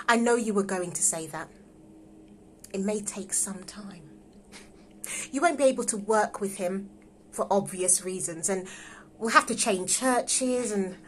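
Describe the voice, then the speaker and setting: A woman's voice: mid-range voice, a little hiss or hum, close to an everyday voice. A woman reading a distraught young wife in love with her husband's friend, emotional and pleading, in a live script read-through over a phone. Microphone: phone on a livestream.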